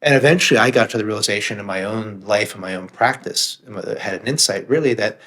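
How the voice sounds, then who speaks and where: An author and meditation teacher speaks as a podcast guest in a candid conversation, earnest and reflective, occasionally swearing for emphasis. His voice is fairly low, fast, and sharp in tone.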